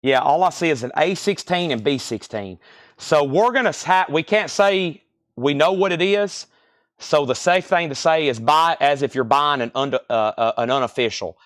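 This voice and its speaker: Man, live-stream record seller, fast repetitive auction calls, slightly high voice. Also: fairly bright tone, dry recording, clean studio sound. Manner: rapid-fire, repetitive calls of sales and prices.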